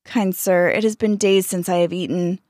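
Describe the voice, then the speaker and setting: Woman voicing a gentle old monk, polite and pleading, dry close sound. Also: on the low side, fairly even intonation, normal speed, no echo, close to an everyday voice. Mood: humble. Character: humble hungry old male monk in rags.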